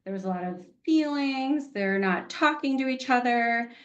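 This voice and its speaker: A woman's voice: a little high, animated, moderate pace, muffled recording. A middle-aged woman teaching an online healing class, chatty and candid, laughing easily. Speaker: workshop teacher.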